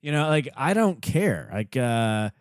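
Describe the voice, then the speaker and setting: A man's voice: mid-range voice, very animated, a little slow, no echo, studio quality. A man hosting a radio show in an easygoing way, chuckling and setting up segments. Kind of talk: casual radio banter.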